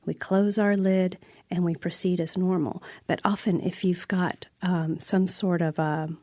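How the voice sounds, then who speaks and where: Woman guest, lower register, dry close sound, earnest and halting storyteller. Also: fairly even intonation, mellow, no room sound. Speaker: prison theater facilitator. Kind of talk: radio interview storytelling.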